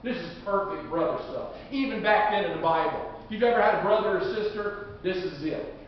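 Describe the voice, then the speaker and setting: A man preaching a sermon in a very high voice, folksy and joking but rising to fervent shouts. He is heard from far off in a church sanctuary with heavy, long reverb. The sound is dull and muffled. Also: fairly quick. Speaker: pastor. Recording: echoey hall, distant dull mic.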